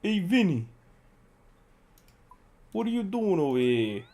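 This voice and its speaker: A man putting on the voice of a gruff middle-aged Italian-American mobster, calling out in a thick mob-movie drawl. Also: mid-range voice, animated, takes it slowly.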